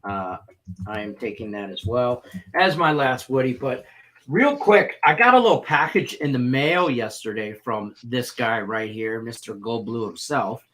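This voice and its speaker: A man's voice: mid-range voice, a little slow. A man co-hosting a sports betting talk show, telling rambling, jokey stories in casual chat. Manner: rambling, jokey, animated storytelling.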